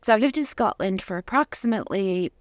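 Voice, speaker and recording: A woman from Zimbabwe with a mixed Southern African and British accent, chatting as an interview guest, laughing often and pausing with ums. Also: mid-range voice, expressive, no echo, clean studio sound. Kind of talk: casual interview chat.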